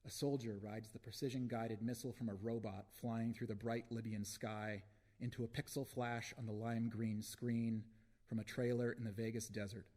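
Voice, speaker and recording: A man reading his own poems aloud at a live book launch, with deliberate phrasing and long pauses between lines. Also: medium pitch, flat delivery, mellow. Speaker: poet reading his work.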